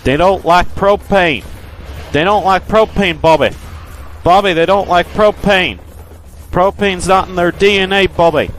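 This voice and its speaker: Guy doing a cartoon dad bellowing and scolding, pitched way up over his normal voice, loud. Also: measured pace, a little hiss or hum. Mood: exasperated. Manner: shouting, scolding. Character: loud exasperated cartoon dad fond of propane.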